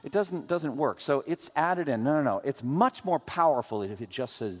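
A man preaching a sermon as pastor, asking rhetorical questions and acting out quotes in an animated way. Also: mid-range voice, a little fast, hardly any pauses. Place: church sanctuary. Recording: long hall reverb.

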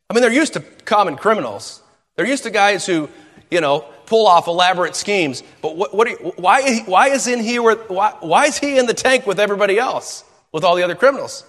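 A male pastor preaching a sermon in an animated, conversational way, with quick asides and restarts. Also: high-pitched. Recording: long reverb of a large hall.

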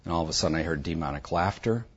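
A man bluntly and intensely telling his personal testimony, with a husky voice. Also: extremely low pitch, very fast, highs cut off. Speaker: speaker giving a personal testimony.

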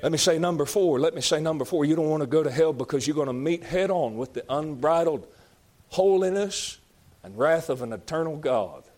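A man preaching a fiery sermon, emphatic and repetitive, rising to shouts. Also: fairly high pitch, animated, fairly quick. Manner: folksy, emphatic, shouting at peaks, repeats lines.

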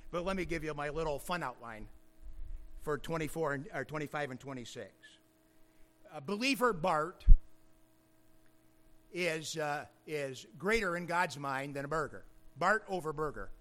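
A pastor delivering a sermon in a high, bright man's voice. He plays with alliterative wordplay. His explanations start quiet and swell into loud, emphatic shouts.

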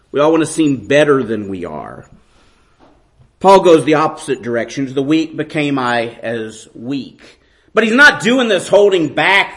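A middle-aged male preacher with a fairly high voice delivers a sermon. He swings from near-whispers to ringing peaks and keeps asking his listeners pointed questions. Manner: dramatic swings from hushed to loud.

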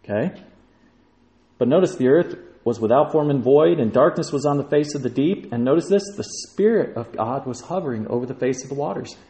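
A man's voice: medium pitch, lively intonation, brisk, mellow. A man preaching a sermon, emphatic and rising in force when he quotes scripture. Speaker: pastor. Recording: echoey room.

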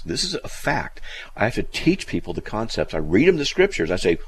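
A man hosting a Bible teaching show, animated and emphatic, his voice jumping high when he gets excited, pausing to look up verses as he thinks aloud. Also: a little hiss or hum.

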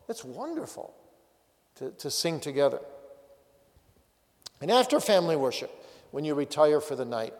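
A man's voice: medium pitch, creaky, darkish tone. A man, a pastor, giving a teaching talk on family prayer with direct, practical exhortations. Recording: long hall reverb.

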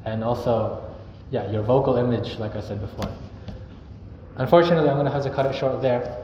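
A man's voice: medium pitch, a little fast, dark tone. A young man preaching a sermon in an earnest, conversational way, now and then acting out sample greetings. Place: church hall. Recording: echoey, dull hall recording with noise.

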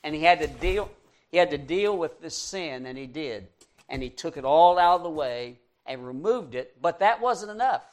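A man preaching a sermon as pastor, earnest and slowing to stress key words, then leading a prayer. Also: on the high side.

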